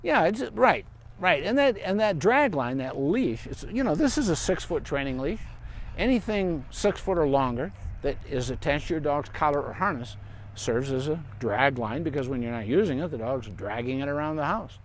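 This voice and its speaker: Brief: male vet, fairly high voice, rambling casual live Q&A in a park, lots of fillers. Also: animated, normal speed, a little hiss or hum. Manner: chatty and rambling, with asides and fillers. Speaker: veterinarian giving dog training advice. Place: outdoors in a park.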